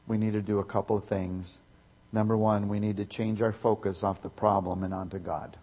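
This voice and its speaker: A man preaching a sermon, emphatic, swinging from loud to quiet. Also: fairly low pitch, little pitch movement, a little fast. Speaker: pastor. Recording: echoey hall with long reverb.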